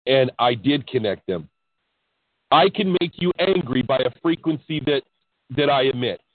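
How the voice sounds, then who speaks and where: A man, a podcast guest, telling the story of his spiritual experiences in an excitable, animated way, often restarting his sentences. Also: medium pitch, moderate pace, dry recording. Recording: dry tinny phone-line sound.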